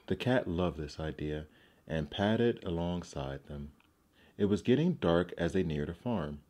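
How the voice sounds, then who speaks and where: Male narrator, deep voice, gentle expressive storybook reading. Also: a little slow.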